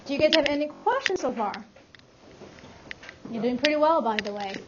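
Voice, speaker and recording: A woman with a high, expressive voice and a brisk pace teaches a beginner language class, patiently modeling words for students to repeat. The audio is dull, and the classroom is noisy.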